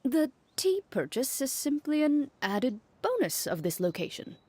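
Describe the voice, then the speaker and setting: A woman voicing a calm, reserved woman in a game who speaks in a level, matter-of-fact way. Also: high-pitched, measured pace, slight background noise. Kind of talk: game voice acting.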